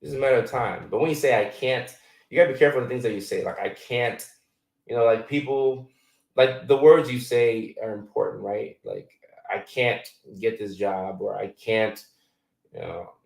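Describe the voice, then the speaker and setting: A man's voice: mid-range voice, fairly quick, vocal fry, darkish tone, roomy sound, recorded from a distance, rough recording. A man in his thirties, born in Ghana, hosting a casual live chat and answering viewer questions in a loose, filler-heavy way. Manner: loose and conversational, many fillers.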